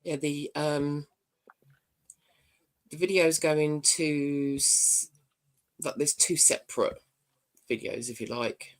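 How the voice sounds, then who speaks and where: A woman's voice: sits low, steady tone, slow, long pauses. A woman co-hosting a community show, talking casually and hesitantly. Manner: hesitant, with frequent fillers and restarts. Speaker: co-host playing videos. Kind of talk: casual chat.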